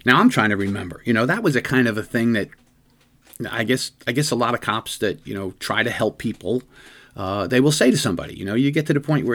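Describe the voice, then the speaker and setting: A man's voice: mid-range voice, animated, quick pace. A man who hosts a podcast and is a police detective, telling a story in an earnest, rambling way with many restarts. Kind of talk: conversational storytelling.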